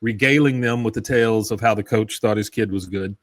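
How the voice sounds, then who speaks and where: A man's voice: on the low side, fairly quick. A man co-hosting a casual podcast, recapping scenes and reading out quoted lines with chuckles. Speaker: podcast co-host. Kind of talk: casual episode recap chat.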